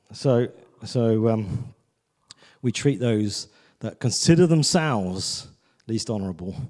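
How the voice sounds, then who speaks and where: A man gives a sermon in a church with a mellow, warm tone. He talks loosely and personally, stopping often to check in with the congregation. His pitch sits in a middle range. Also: long reverb tail. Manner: conversational, repeats "do you know what I mean". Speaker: visiting preacher.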